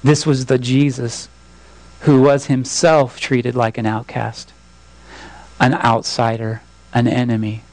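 Male pastor, sermon, earnest pleading appeals, dry close sound, middle pitch. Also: level tone, takes it slowly, a little mellow, no room sound, rough recording.

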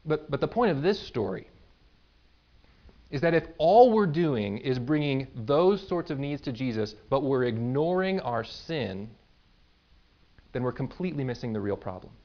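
A man preaching a sermon in a conversational way, explaining with everyday examples and quick asides. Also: medium pitch, very animated, muffled recording. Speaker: pastor.

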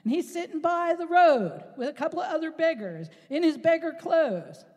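A woman preaching a sermon in an animated, rhetorical way, at times rising to a shout. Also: very high voice, normal speed. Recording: long reverb in a large hall.

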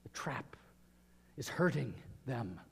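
A man's voice: medium pitch, expressive, slow, creaky, slightly rough. A man preaching a sermon in earnest, often putting questions to his listeners. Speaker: pastor. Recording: reverberant hall.

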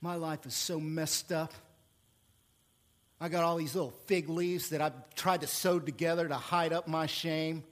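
A male pastor preaching a sermon in an animated, playful way, with sudden jumps in pitch and volume. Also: a little slow.

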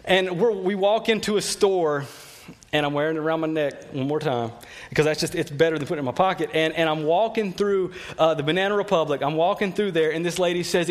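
A man's voice: a little high, fairly quick. A man preaching a sermon, telling personal stories in a conversational way and often repeating words.

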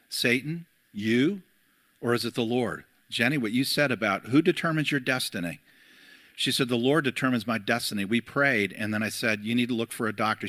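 A man's voice: mid-range voice, bright, forceful tone, no room sound. A middle-aged man, a pastor, preaching a sermon and telling a story to his church, with frequent fillers.

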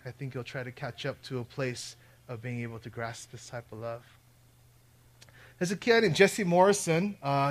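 A man preaching a sermon before a live audience, telling personal stories with joking asides and swinging between hushed and loud delivery. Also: fairly high pitch. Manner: conversational, joking asides to the crowd.

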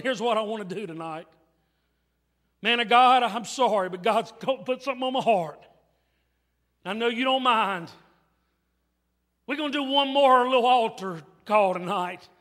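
A preacher delivers an emphatic, repetitive revival sermon in a very high, bright, forceful voice. His words ring out with the long reverb of a church hall, and soft music plays faintly underneath. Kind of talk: revival sermon with altar call. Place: church sanctuary.

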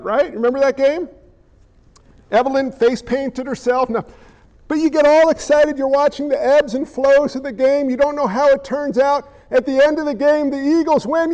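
A man preaching a sermon as a pastor, animated, with quick asides to the congregation. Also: extremely high pitch.

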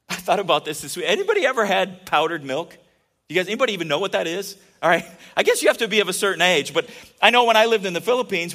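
A man's voice: sits high, pushed and bright. A man preaching a casual, joking sermon, telling stories and often restarting his sentences. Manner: chatty and joking, with many restarts. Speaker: pastor.

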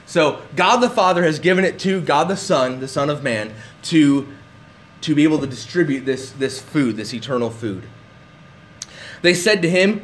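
A man's voice: medium pitch, animated, moderate pace, a little hiss or hum. A man preaching a conversational sermon in a church, restarting phrases and acting out quotes with animation. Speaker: pastor.

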